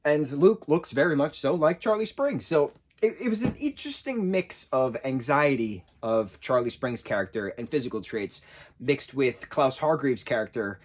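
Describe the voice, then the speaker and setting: A man in his thirties talks through a book review in a loose, conversational way. He is enthusiastic and quick to restart his sentences, with a sarcastic streak in how he speaks. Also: medium pitch. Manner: chatty, excitable, with frequent restarts and fillers. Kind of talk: casual spoken book review.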